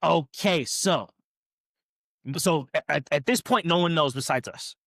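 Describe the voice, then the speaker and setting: A young man with a fairly high voice tells a story on a podcast. He talks casually and acts out the people in it. His voice is close to the mic and dry. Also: unhurried, gravelly, dry recording. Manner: animated, acts out quotes in raised voices. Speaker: podcast guest.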